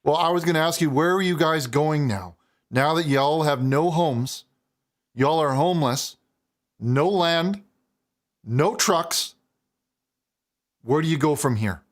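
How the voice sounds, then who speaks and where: A man's voice: a little high, slow pace, long pauses. A man hosting a live call-in talk show, chatting casually and prompting his caller with questions. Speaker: talk show host, pastor.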